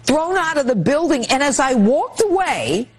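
A woman's voice: high voice, big pitch swings, normal speed. A woman on a TV interview played on air, recounting an incident in an indignant, emphatic way. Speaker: TV guest.

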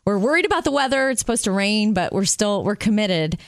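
A woman's voice: mid-range voice, very animated, a little fast, dry recording, clean studio sound. A woman from Florida co-hosting a radio show, chatting in an upbeat, storytelling way. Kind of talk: casual radio show chat.

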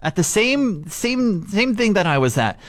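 A young man co-hosting a casual radio show, chatting and telling stories in an animated way and laughing easily. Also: high voice, a little slow, dry recording. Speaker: radio co-host.

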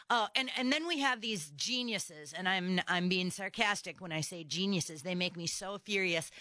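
A woman hosting a talk radio show, ranting in an animated, exasperated and sarcastic way. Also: medium pitch, no room sound. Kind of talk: opinionated talk radio chat. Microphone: studio microphone.

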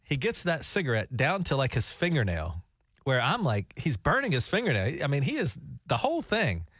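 A man's voice: medium pitch, huge pitch swings, normal speed, a bit bright, no echo, studio quality. A man on a talk show, telling a rambling, jokey travel story with laughs. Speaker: radio show co-host. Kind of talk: casual storytelling chat.

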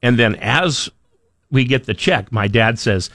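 A man's voice: medium pitch, expressive, a little slow, fairly bright tone, no echo, clean studio sound. A man, a radio co-host who banters casually and makes wry jokes. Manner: wry, joking asides.

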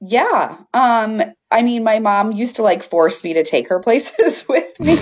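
A woman's voice: on the high side, a little slow. Woman with a Chicago accent. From Northwest Indiana. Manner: relaxed, lots of likes, laughs mid-sentence. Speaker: guest. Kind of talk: casual conversational interview.

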